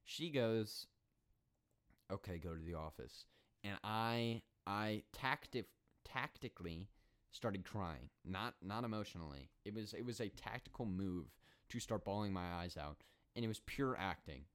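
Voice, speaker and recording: Rambling twenty-year-old podcast host. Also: male voice, on the low side, measured pace, clean tone. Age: 20s. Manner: animated, rambling, sarcastic storytelling with many fillers and restarts. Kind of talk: solo podcast storytelling.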